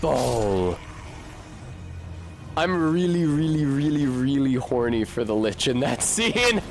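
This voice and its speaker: A man's voice: medium pitch, very animated, takes it slowly, faint music behind. A man streaming a video game, chatting casually in a rambling, profane and wry way. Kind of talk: casual gameplay commentary.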